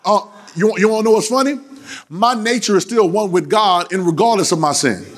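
A man preaching a sermon, joking and trading call-and-response lines with the congregation, at times shouting or half-singing his phrases. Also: high voice, a little fast. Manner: breaks into shouts and sung phrases.

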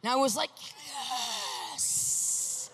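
A woman's voice: fairly high pitch, fairly quick. Dramatic woman telling a faith testimony. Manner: dramatic, acts out quotes with shouts and hushed asides. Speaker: speaker giving a testimony. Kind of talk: animated faith testimony storytelling.

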